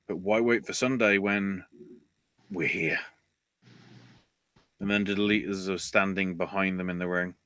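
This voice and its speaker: A man with a low-pitched but bright, forceful voice hosts a casual podcast recap. He rants freely and swears, and his voice shoots up when he gets riled. It is recorded close and dry. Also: steady tone, measured pace, pauses often, clear, resonant tone, dry recording. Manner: ranting, swears, voice jumps high when riled. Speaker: podcast host.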